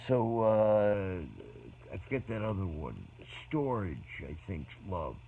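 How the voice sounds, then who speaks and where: A man in casual, meandering talk about faith, often halting and restarting his sentences. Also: deep voice, big pitch swings, gravelly, husky. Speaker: speaker in a faith conversation. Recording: dull lo-fi sound with faint noise.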